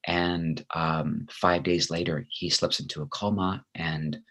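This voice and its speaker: Deep husky man telling his story. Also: fairly even intonation, measured pace, a bit bright. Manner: earnest, heartfelt, reflective. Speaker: interview guest, actor. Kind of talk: personal storytelling in conversation.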